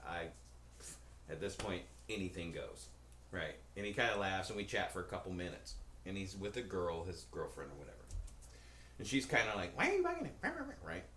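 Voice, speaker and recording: A man co-hosting a podcast, telling a long, rambling story in a casual, profane, animated way. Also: deep voice, moderate pace. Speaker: podcast co-host. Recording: roomy echo with faint background noise.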